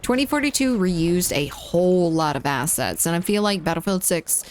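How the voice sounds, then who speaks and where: A woman hosting a casual gaming live stream, her voice bouncing up and down in pitch as she talks. She giggles easily and keeps up a running chat with her viewers, reading their messages aloud and answering them. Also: lively intonation, normal speed, slight background noise. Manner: giggly, reads chat aloud and chats back. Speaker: game streamer.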